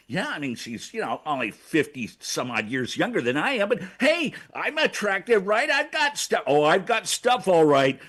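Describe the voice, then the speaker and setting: Older man ranting comically, high and animated. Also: moderate pace, few pauses. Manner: stammering, acts out scenes in shouted voices. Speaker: segment host. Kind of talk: comic rant. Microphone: video call.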